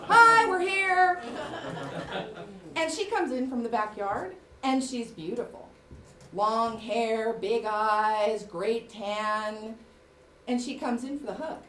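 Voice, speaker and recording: Woman doing a live comic story onstage, kinda high voice, audience noise behind her. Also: distant mic. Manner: wry, animated, self-mocking. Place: theater stage before a laughing audience. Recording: roomy live theater recording with audience noise.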